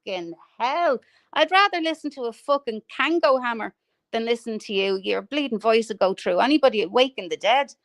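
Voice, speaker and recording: Woman, livestream host, higher voice, dry close sound, sneering and sweary. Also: moderate pace, no echo. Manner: foul-mouthed, mocking, sneering; laughs often at her own insults. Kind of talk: ranting livestream chat.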